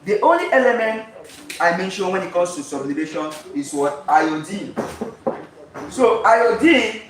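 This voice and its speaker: High-voiced man teaching in an echoey room. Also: very animated, a little slow, a bit bright. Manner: drills students with repeated call-and-response questions. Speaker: chemistry tutor. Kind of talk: exam-prep lesson. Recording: very echoey room, voice far from mic, faint noise.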